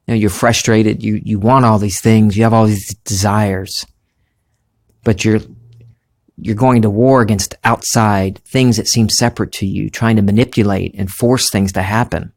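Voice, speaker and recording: Guy w a bit of a southern accent musing about spirit stuff, lowish voice, earnest. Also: creaky, darkish tone. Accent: slight Southern American. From American South. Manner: earnest, musing, thinks aloud. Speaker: podcast host. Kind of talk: spiritual monologue.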